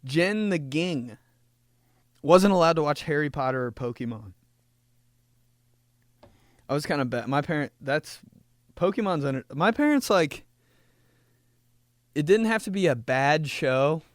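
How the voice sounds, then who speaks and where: A man's voice: on the high side, expressive, measured pace, pauses often, no room sound. A young man hosting a comedy podcast, rambling through stories with frequent laughs. His voice swings widely up and down as he jokes. The recording is close and dry, with no room sound. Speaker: podcast host. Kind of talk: casual comedy podcast chat.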